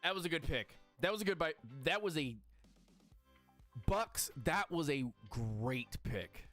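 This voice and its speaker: A man hosting a live stream, reacting excitably and talking to his chat in casual commentary. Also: a little high, unhurried, soft background music.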